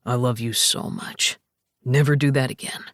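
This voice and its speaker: A woman's voice: rumbling low, fairly even intonation, moderate pace, dry recording, clean studio sound, pitched below the performer's own voice. A woman voicing a shaken, protective young man. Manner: urgent, shaken, calling out over rain.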